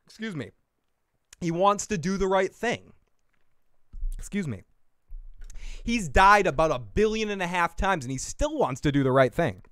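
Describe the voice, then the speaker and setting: A man's voice: sits high, lively intonation, normal speed, long pauses, a bit bright, smooth, no room sound, clean studio sound. A man hosting a live recap podcast, casual and jokey, swearing, laughing often and reading the chat aloud. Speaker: podcast host.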